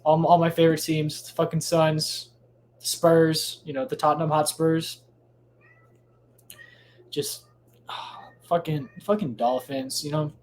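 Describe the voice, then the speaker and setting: A man's voice: fairly high pitch, little pitch movement, takes it slowly, long pauses, a little hiss or hum. Rambling, cursing male podcast host. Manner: rambling and profane, many restarts and tangents. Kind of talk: casual solo podcast rant. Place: home, recorded late at night.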